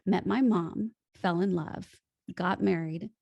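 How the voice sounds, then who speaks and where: American lady voice coach, gravelly, animated storyteller, dry close mic. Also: on the low side, slow pace, no room sound, muffled recording. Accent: General American. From United States (Illinois). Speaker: podcast guest, voice coach. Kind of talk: casual interview chat.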